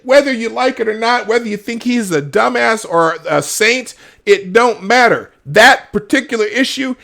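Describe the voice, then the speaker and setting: A middle-aged host from Minnesota in the United States delivers animated commentary on a live show, emphatic and punctuated with laughs. His voice is high-pitched and sharp, with vocal fry.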